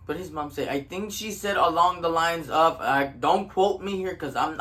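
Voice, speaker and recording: A young man tells a story to camera, worn out from little sleep. His voice sits somewhat high and comes across forceful and tense. His talk is casual and profane, and he moves between English and Spanish. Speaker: vlogger telling a story.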